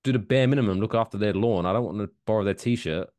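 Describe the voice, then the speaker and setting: A man's voice: on the low side, quick pace, a little mellow, dry recording. A man co-hosting a comedy podcast in casual chat, jokey and reading news stories aloud. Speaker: podcast co-host.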